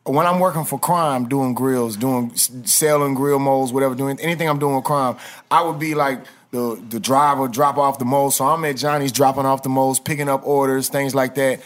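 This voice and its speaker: A man, a guest on a podcast, telling stories in a relaxed, slangy way. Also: medium pitch, normal speed. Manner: laid-back storytelling with slang. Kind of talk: casual interview chat.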